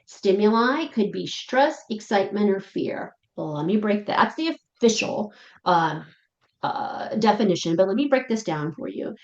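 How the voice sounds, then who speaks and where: A woman who trains dogs, giving a casual lesson to pet sitters in a chatty way and acting out dogs and sitters in quick voices. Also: medium pitch, lively intonation, darkish tone. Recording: echoey room, dull lo-fi sound.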